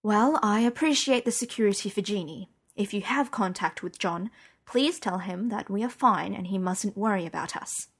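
A woman reading the part of a calm, protective mother in an audiobook, soft and steady. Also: medium pitch, moderate pace, husky. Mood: soothing.

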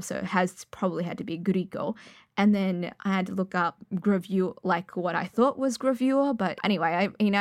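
A woman's voice: lowish voice, no room sound, clean studio sound. A young adult woman chatting casually about recording a podfic, rambling and self-deprecating with lots of fillers. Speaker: podfic reader. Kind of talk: casual chat.

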